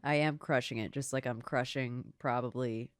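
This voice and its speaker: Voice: mid-range voice, clear, resonant tone, no echo. A podcast co-host in casual chat, reacting with jokey asides. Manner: lively, quick to laugh, jokey asides.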